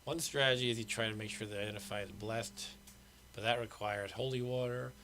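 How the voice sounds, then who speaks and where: A man's voice: lowish voice, steady tone, fairly quick, sharp tone. A middle-aged man hosting a game stream, patiently explaining the rules in casual commentary.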